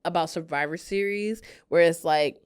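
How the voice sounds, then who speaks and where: A young woman co-hosting a casual podcast chat, chatty and quick to laugh as she recounts encounters. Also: lowish voice, clean tone. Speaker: podcast co-host.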